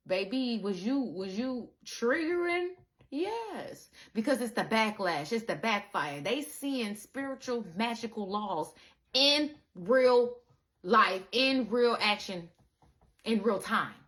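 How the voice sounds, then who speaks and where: Woman, casual spiritual talk, animated, profane, calls listener baby. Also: on the high side, slow pace. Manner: animated, swearing, calls listener baby, acts out quoted people. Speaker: spiritual content creator. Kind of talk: casual spiritual monologue to viewers.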